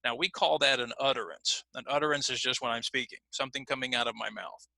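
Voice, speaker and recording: A male teacher leads a pronunciation lesson. His voice is very bright and sits at a middle pitch, and it sounds close and dry with no room echo. He speaks patiently, says "again" often, and slows right down when he models a phrase. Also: fairly even intonation, creaky. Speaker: ESL teacher.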